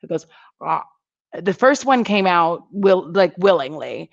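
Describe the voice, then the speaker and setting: A woman's voice: on the low side, sing-song, normal speed, gravelly, no room sound, dull audio. A woman chatting casually with her viewers on a live stream, rambling and giggling between thoughts. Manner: giggly, rambling, lots of fillers. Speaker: YouTuber chatting with live chat.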